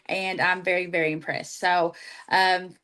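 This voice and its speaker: A woman's voice: lowish voice, little pitch movement, a little slow, fairly bright tone, clear, resonant tone. A woman talking casually and emotionally about her team and her products. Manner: heartfelt, emotional, storytelling. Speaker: team leader, guest. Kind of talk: casual livestream chat.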